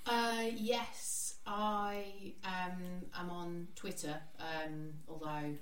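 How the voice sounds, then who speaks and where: A woman speaks slowly and hesitantly as a podcast guest, often pausing with a giggle. She sits away from the mic in a roomy, echoing space, with clear background noise around her voice. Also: lowish voice, little pitch movement, a bit bright. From English Midlands. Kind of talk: casual podcast chat. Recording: roomy echo, far from the mic, noisy background.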